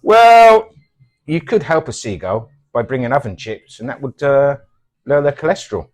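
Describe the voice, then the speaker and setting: A middle-aged man, trading scripted comic banter in a mock-earnest, deadpan, sweary way. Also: mid-range voice, a little fast. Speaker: comedy double act host.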